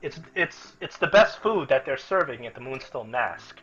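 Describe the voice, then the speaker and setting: A man narrating as game master in an easygoing, rambling way, with a husky voice. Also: medium pitch, lively intonation, moderate pace, a bit bright, highs cut off. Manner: easygoing, restarts a lot.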